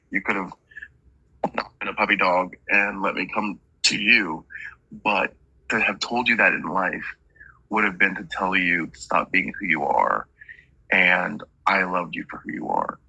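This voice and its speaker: A man's voice: low voice, moderate pace, gravelly, sharp tone, breathy edge, dry recording, muffled recording. A man working as a medium, relaying messages in a chatty reading and stringing quotes together with "he's like".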